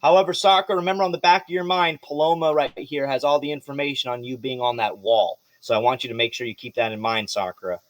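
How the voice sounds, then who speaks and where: A man narrating as game master of a tabletop game, animated and swearing freely. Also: mid-range voice, fast, hardly any pauses, no room sound.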